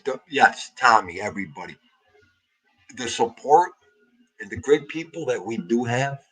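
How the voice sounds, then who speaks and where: Husky, tearful New man. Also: on the low side, low-quality recording. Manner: emotional, heartfelt, greets viewers by name. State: grieving, tearful. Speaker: livestream host. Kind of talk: casual livestream chat greeting viewers.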